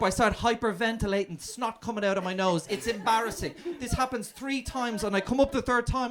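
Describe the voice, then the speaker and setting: A man's voice: very high-pitched, fairly even intonation, a little fast, hardly any pauses, a crowd in the background. A man with an Irish accent performing a stand-up comedy set, telling stories in a brash, profane way. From Ireland. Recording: comedy club audience laughter.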